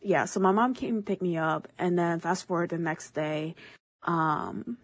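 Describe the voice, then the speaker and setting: A woman's voice: on the low side, a little slow, slightly rough. A young woman co-hosting a podcast, telling a long story in a casual, rambling way and acting out what others said. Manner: rambling, animated, quotes others in their own voices. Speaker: podcast co-host.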